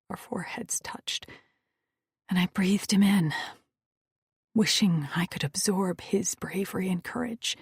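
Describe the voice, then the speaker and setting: A woman narrating a first-person romance audiobook in an emotional, breathy, intimate way. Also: mid-range voice, unhurried, long pauses, no room sound, clean studio sound.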